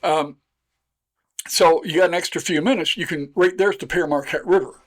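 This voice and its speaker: A man's voice: fairly high pitch, moderate pace. An older man from Michigan telling stories as a podcast guest, folksy and rambling. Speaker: guest storyteller. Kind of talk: casual storytelling.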